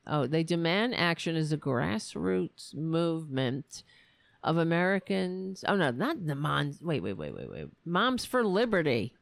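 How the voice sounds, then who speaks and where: A woman's voice: deep voice, vocal fry, dry recording. A woman hosting a political commentary show, talking in a sarcastic, profane and exasperated way. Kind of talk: casual political rant.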